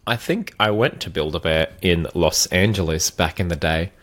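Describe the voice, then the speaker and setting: A man's voice: deep voice, normal speed, fairly bright tone. An Australian man co-hosting a podcast in casual chat, laid-back and trailing off with fillers and repeated words. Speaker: podcast co-host.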